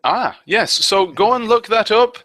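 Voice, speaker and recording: Lively high-voiced man, sarcastic. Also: a little slow, no echo. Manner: playful, sarcastic, jokey. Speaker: commentary co-host. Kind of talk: casual fan commentary.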